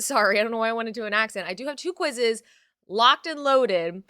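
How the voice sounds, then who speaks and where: A young woman streams live in a loose, chatty way, greeting her viewers and cursing offhand. Her voice is bright and a little high. It sounds close and dry, with no room around it. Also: fairly quick, smooth, no echo. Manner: chatty, reads chat aloud, swears casually. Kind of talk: casual live-stream chat.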